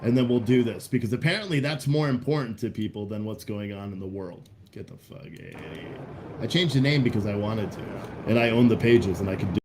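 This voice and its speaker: A man's voice: lowish voice, fast, a little mellow, slight background noise. A man hosting a casual livestream, rambling bluntly with profanity and restarts while reading out chat comments. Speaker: livestream host.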